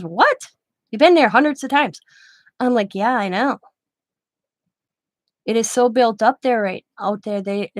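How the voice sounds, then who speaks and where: Middle-aged lady crafting live, rambly stories, bit high voice, dry close sound. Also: no room sound. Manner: rambling anecdotes, quoting others in her own voice. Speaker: craft channel host. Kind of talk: casual chat while crafting on a livestream.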